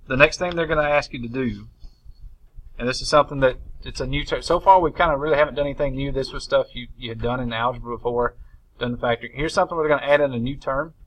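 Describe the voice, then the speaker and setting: A male teacher lectures a class in a relaxed, chatty way, addressing the room. His voice sits at an ordinary middle pitch, and he talks through each step plainly. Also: fast talker, rough recording. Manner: casual and conversational, says "y'all". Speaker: math teacher.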